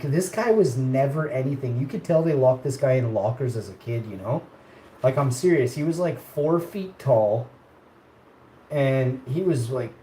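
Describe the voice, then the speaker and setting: A man's voice: medium pitch, dark tone. A man telling rambling childhood stories in a casual stream, laughing often and raising his voice when he quotes people. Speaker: live streamer. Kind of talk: casual storytelling. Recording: echoey room with faint ambient noise.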